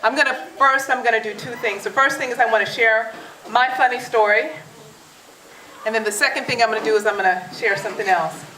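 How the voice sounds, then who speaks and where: A woman's voice: on the high side, fairly quick, pushed and bright, slight background noise. A woman giving a birthday toast at a family party, telling a story animatedly and acting out the voices she quotes, with frequent laughter. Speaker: daughter giving a birthday speech. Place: party hall. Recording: echoey hall with crowd.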